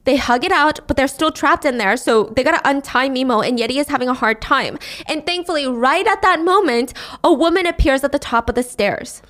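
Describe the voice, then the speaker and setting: A woman's voice: high-pitched, fairly quick, hardly any pauses, a bit bright. A woman casually recapping a drama's plot, telling it with animation and briefly voicing its characters.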